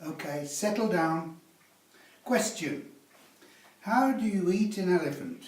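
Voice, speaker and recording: A man's voice: high-pitched, expressive, slow. A man teaching a sales class, lecturing with teasing rhetorical tag questions. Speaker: sales instructor. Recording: roomy, from a distance.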